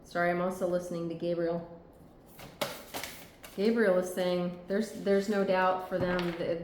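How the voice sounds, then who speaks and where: A woman's voice: on the low side, slight background noise. A woman giving a tarot reading, talking earnestly and reassuringly and often checking in with "okay?". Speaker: tarot reader. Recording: echoey room.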